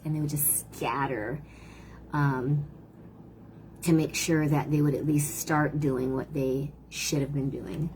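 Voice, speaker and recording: A woman's voice: low voice, darkish tone, a little hiss or hum. A middle-aged woman giving casual parenting advice on a live stream, earnest and talkative, often acting out what kids and parents say. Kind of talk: casual advice talk to camera.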